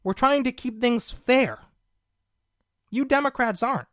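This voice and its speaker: A man's voice: extremely high pitch, a little slow, a bit bright, no echo, studio quality. A young man hosting a political talk show, delivering combative, sarcastic commentary and calling his listeners folks.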